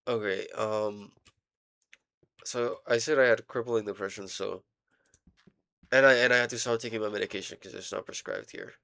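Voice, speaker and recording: A young man rambling casually in a diary vlog, halting and full of fillers, swearing now and then while he plays a game. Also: fairly low pitch, steady tone, gravelly, sharp tone, clear, resonant tone, no echo. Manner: playing a game while talking. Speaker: vlogger.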